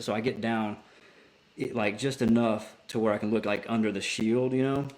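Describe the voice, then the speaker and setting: A man's voice: lowish voice, fairly even intonation, normal speed. A man, a military veteran and podcast guest, telling a story casually with plenty of swearing, restarts and filler words. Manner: profane, rambling with many restarts.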